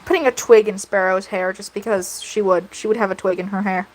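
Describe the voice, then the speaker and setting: A woman hosting a casual livestream, answering her chat in an animated, giggly way. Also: medium pitch, fairly quick, low-quality recording. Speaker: livestream host.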